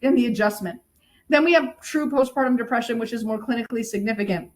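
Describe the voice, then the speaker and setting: A middle-aged woman, a birth educator, explaining in lively conversation and sometimes acting out what new mothers say. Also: fairly high pitch, quick pace, rough recording. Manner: animated, acts out quoted moms.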